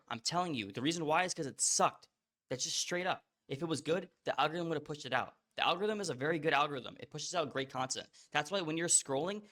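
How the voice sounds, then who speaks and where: A young man hosting an online course, talking casually and bluntly to the viewer with quick restarts. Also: a little high, fairly bright tone. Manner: blunt, fast, repetitive restarts, addresses viewer as bro. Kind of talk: casual direct-to-camera teaching.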